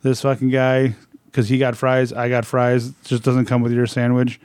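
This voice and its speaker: Man, mid pitch, deadpan blunt storyteller, swears freely, dry close mic. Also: moderate pace, no room sound. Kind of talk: casual storytelling.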